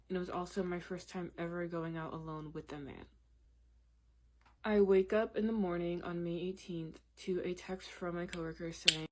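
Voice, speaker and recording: Lower-pitched woman telling a casual story. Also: darkish tone. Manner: candid, chatty, peppered with "like" and "literally".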